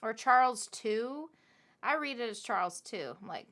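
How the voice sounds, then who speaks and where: A woman's voice: fairly high pitch, expressive, moderate pace, fairly bright tone. A woman co-hosting a podcast, telling a history story in a casual, chatty way with laughing asides. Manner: chatty, laughing asides and playful quoted voices.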